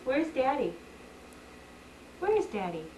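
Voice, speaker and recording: A woman's voice: high voice, big pitch swings, takes it slowly, dark tone, reverberant, a little hiss or hum. A mother filming her toddler at home on a camcorder, coaxing her with playful, sing-song prompts she repeats. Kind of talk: home video chat with a toddler. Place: family home, indoors. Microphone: camcorder microphone.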